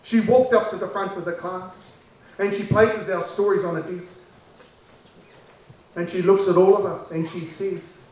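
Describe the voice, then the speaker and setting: A man with a New Zealand accent telling a childhood story in an animated way, repeating lines for effect. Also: high voice, unhurried, pauses often, very echoey, far from the mic, low-quality recording.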